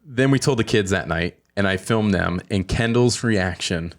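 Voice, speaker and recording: A man in his thirties with a very low voice hosts a podcast in casual conversation. He rambles from thought to thought with eager, animated energy, speaking into a podcast microphone. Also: normal speed. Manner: excitable, rambling, animated storytelling. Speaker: podcast host. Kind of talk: casual chat.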